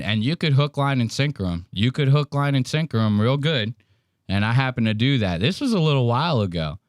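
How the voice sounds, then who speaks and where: A man's voice: medium pitch, no echo, studio quality. A man hosting a casual podcast, telling a story in a profane, mocking way. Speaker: podcast host.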